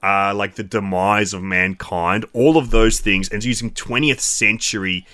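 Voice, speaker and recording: An Australian man co-hosts a podcast in a casual film chat. He gushes with enthusiasm, swears freely and loves a bawdy joke. His lowish voice sounds forceful and tense, and the sound is dry and close. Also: fairly even intonation, measured pace, dry recording. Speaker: podcast co-host.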